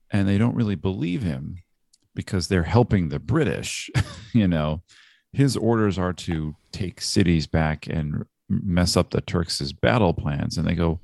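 A man's voice: deep voice, lively intonation, normal speed, vocal fry, a little mellow, no echo, studio quality. A man in a casual film discussion, talking animatedly and acting out quoted lines, laughing often.

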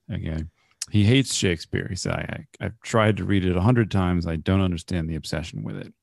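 Male podcast co-host, low gravelly voice, wry storyteller, dry close recording. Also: a little mellow, dry recording. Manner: wry, storytelling, laughs often. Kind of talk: casual movie review chat.

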